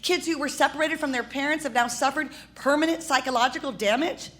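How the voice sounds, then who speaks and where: A woman's voice: sits high, fairly quick, a bit bright. A woman in her sixties hosting a live comedy show, ranting passionately and stammering in her outrage. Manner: impassioned, stammering rant. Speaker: host and producer.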